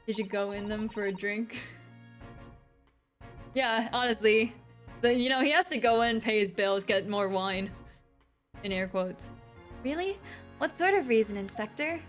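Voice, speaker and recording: A woman's voice: mid-range voice, unhurried, pauses often, fairly bright tone, faint music behind. A woman streamer chatting casually and joking with her chat between game lines.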